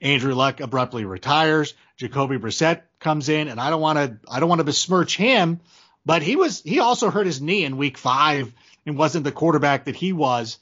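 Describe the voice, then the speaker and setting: A man's voice: a little high, animated, normal speed, a bit bright, slightly rough, dull audio. A man talking as a podcast guest, chatty and enthusiastic, often restarting his sentences. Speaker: podcast guest, fantasy football analyst. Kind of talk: casual podcast chat.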